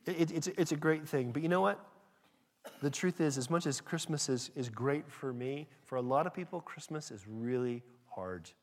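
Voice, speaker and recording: A man's voice: a little high, moderate pace. Man preaching in a reverberant hall. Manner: conversational, emphatic with frequent restarts. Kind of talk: sermon.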